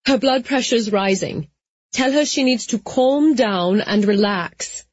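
A woman's voice: a little high, slow pace, no room sound, muffled recording, pitched above the performer's own voice. A woman voicing a worried caller who was just woken from sleep, talking urgently and anxiously in a raised voice.

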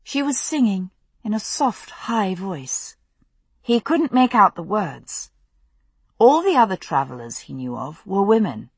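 Husky, expressive female audiobook narrator. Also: medium pitch, no echo. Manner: measured, expressive storytelling.

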